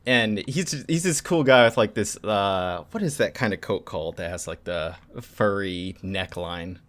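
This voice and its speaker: A man co-hosting a casual podcast, recapping a story and acting out characters' lines in quick bursts. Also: on the low side, fairly bright tone. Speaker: podcast co-host. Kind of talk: casual chat recapping a manga.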